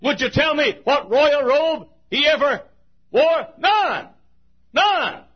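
A male preacher delivering a revival sermon in a husky voice, swinging from booming shouts to hushed asides and sing-song chants. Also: big pitch swings, slow, muffled recording.

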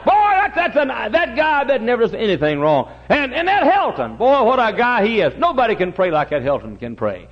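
A preacher putting on a gushing, starry-eyed new churchgoer. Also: male voice, fairly quick, hardly any pauses, long reverb tail, dull audio, exaggerated voice. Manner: excited, exclamatory, high and loud.

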